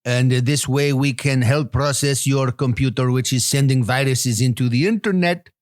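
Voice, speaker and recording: A man's voice: mid-range voice, normal speed, no echo, studio quality, lightly acted. A man doing a shady scam caller with a wandering accent. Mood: scheming. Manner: overly eager, wobbly put-on accent. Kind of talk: improvised comedy bit.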